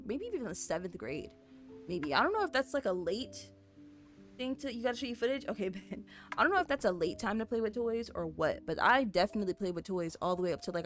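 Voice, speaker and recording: A young woman streaming a building game, chatting casually with her viewers, rambling with lots of fillers and little giggles. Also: medium pitch. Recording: soft music playing behind. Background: faint background music.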